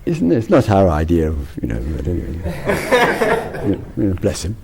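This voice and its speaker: A man's voice: deep voice, huge pitch swings, normal speed, background noise. A man giving a casual spiritual talk, rambling with frequent restarts and laughter. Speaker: spiritual teacher.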